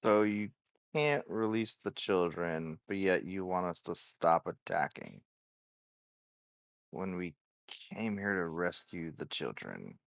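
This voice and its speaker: A man's voice: low-pitched, expressive, takes it slowly, gravelly, no echo, highs cut off. A man playing a tabletop game, asking pointed questions in character. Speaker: player. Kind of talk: in-character tabletop role-play.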